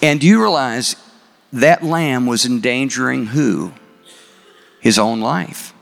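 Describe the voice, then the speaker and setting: A man preaching a sermon, asking his congregation questions and reciting scripture slowly. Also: medium pitch, expressive, vocal fry, fairly bright tone, faint music behind. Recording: long hall reverb.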